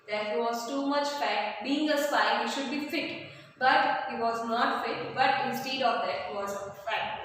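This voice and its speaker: A woman teaching a textbook chapter, explaining it slowly and stopping often to gloss words, with fillers. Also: a little high, fairly bright tone. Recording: echoey room from far off, faint noise.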